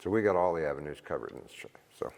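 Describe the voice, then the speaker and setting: A man's voice: a bass voice, animated, fast talker, creaky, darkish tone. An older man, a retired Army veteran, giving an informal seminar talk to a church group, rambling and plain-spoken and chuckling at his own stories. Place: church hall. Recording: reverberant hall.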